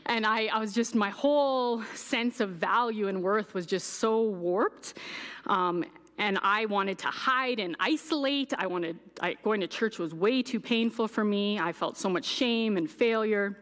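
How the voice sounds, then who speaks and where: A woman's voice: medium pitch, normal speed, fairly bright tone. A young adult woman giving a candid personal testimony as a guest speaker, acting out her past words with animation. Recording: echoey hall reverb.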